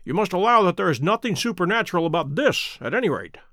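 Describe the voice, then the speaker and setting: A man voicing a keen, self-assured detective who speaks crisply and precisely, in a dry close recording. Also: high-pitched, sing-song, fast talker, fairly bright tone, no room sound, heavily acted. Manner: crisp, precise and pleased with himself.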